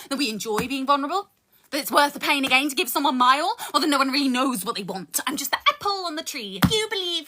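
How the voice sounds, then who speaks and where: Bright high-voiced woman performing spoken word. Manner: intense, swearing, shifts between rapping and chatting. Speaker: live-streaming spoken word rapper. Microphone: phone.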